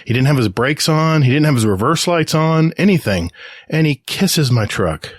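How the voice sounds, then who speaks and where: A man's voice: fairly high pitch, moderate pace, no echo, studio quality. A middle-aged American man, a podcast co-host, telling a story in casual chat and acting out the voices of people in it. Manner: animated anecdote with quoted voices. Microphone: podcast microphone.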